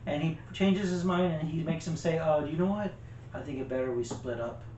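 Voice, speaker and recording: Halting man retelling a movie, echoey. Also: on the high side, warm tone. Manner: halting, searching for names, blunt swearing. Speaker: podcast co-host. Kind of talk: casual movie review chat. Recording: echoey lo-fi room with faint noise.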